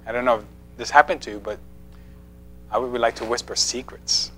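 A man's voice: mid-range voice, steady tone, brisk, a bit bright, faint music behind. A man giving a conversational sermon in a church, playful, asking the congregation questions and laughing often. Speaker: preacher. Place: church sanctuary.

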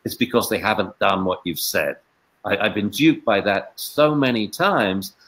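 Male interview guest, low voice, storyteller who swings from quiet to emphatic. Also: moderate pace, poor audio. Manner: expressive, swings from hushed to emphatic. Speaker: dog trainer and veterinarian, interview guest.

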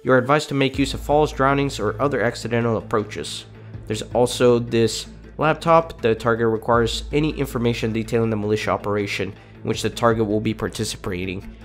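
A man's voice: mid-range voice, steady tone, a little fast, faint music behind. A congested man with a cold, hosting a gaming video and chatting casually while reading game text aloud. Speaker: gaming channel host.

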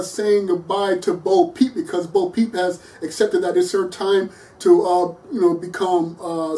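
Movie reviewer, casual monologue, warm mellow voice, giggles between words, recorded a bit away from the mic. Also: medium pitch, recorded from a distance, rough recording. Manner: chatty and earnest, laughs often between words; hesitant fillers while thinking aloud.

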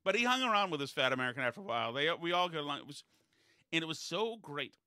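Bright-voiced man telling rambling stories. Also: on the high side, very animated, rapid-fire, clear, resonant tone, no room sound, studio quality. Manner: digressive, chatty anecdote-telling. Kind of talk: casual podcast chat.

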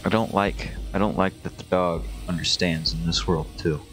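A man giving deadpan, profane let's play commentary while playing a game. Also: deep voice, moderate pace, faint music behind. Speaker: gaming video creator.

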